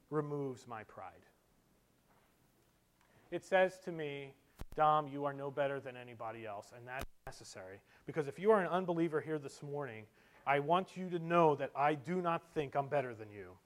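A man with a notably high voice delivering a sermon. He rises to loud, emphatic passages, then drops to quiet, almost whispered asides to the congregation. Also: animated, normal speed. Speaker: pastor.

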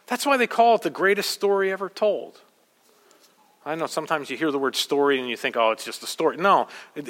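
A male pastor preaching a sermon with urgent emphasis, swinging from soft passages to loud ones. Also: fairly high pitch, in a large hall. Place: church.

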